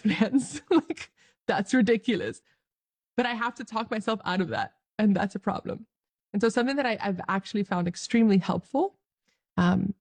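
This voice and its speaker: A woman's voice: medium pitch, darkish tone. Joyful young woman sharing her faith. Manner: joyful, earnest, laughs often. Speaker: Catholic speaker. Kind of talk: faith talk to camera.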